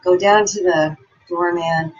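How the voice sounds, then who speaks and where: A woman's voice: on the low side, fairly even intonation, slow, breathy edge, highs cut off. Upbeat woman giving a motivational talk. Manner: upbeat, encouraging storyteller. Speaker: motivational speaker. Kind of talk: motivational talk with personal stories.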